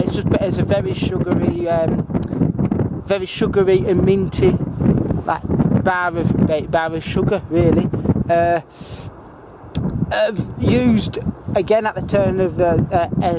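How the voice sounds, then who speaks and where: A man with a fairly high Northern English voice talks a viewer around his hometown, halting often with filler sounds. Wind buffets the microphone over steady outdoor noise. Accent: Northern English, Cumbrian. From England. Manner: hesitant, heavy with filler sounds, explaining simply for foreign viewers. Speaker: amateur video tour guide. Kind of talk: casual walking-tour narration. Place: outdoors by a river.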